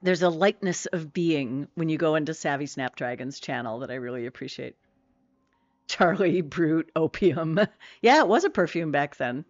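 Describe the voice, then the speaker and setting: A woman's voice: low-pitched, expressive, moderate pace, no room sound, lo-fi sound, soft background music. A middle-aged woman streaming a game, chatting casually with viewers in a rambling way full of fillers and self-corrections.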